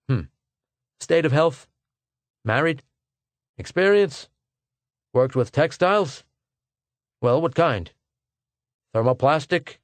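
A man voicing a suspicious male personnel clerk who fires off questions rapidly, in a raised voice. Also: on the high side, dry recording, voice pushed up.

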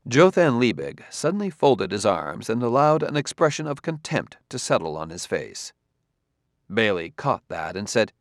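A man narrates a novel in a steady, measured reading. His voice sits in a middle range, and the recording is dry and close, with no room sound. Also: medium pitch, no room sound. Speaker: audiobook narrator. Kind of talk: scripted narration.

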